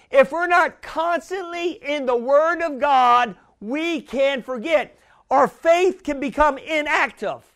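A man preaching a sermon in an emphatic, repetitive way that builds up to shouting. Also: very high voice.

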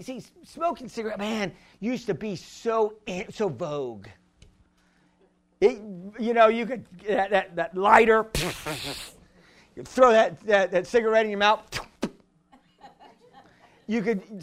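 A man preaching a sermon as pastor, repeating himself, chuckling through anecdotes and building to shouts. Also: high voice. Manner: repetitive, rising to shouts at the congregation; conversational, tells anecdotes with chuckles.

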